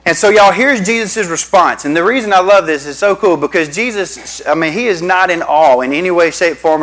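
Y'all-saying preacher, higher voice. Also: male voice, a bit bright, poor audio. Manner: storytelling, addresses the congregation as y'all. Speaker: pastor. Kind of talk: sermon.

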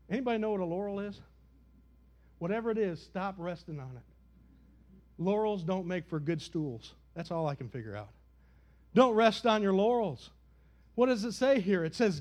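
High-voiced preacher, loud and soft. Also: male voice, expressive, normal speed. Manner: swings between loud preaching and quiet, dry asides. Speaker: pastor. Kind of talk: sermon.

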